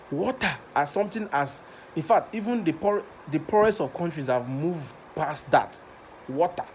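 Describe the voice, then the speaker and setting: A man's voice: fairly high pitch, a little hiss or hum. Impassioned Nigerian man ranting. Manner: impassioned, repeats himself, stumbles over words. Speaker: vlogger. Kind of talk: passionate rant to camera.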